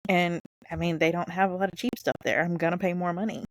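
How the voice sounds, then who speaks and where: A woman's voice: fairly low pitch, fast talker, no room sound. A woman in her thirties with a Southern US accent, co-hosting a podcast in casual, giggly chat. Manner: chatty, giggly, animated storytelling. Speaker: podcast co-host.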